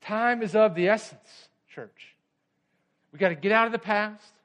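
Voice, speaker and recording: A man with a notably high-pitched voice preaches a sermon to his congregation. He drives his points with urgent, emphatic repetition, then eases into relaxed, conversational storytelling. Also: a little slow, lo-fi sound. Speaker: pastor.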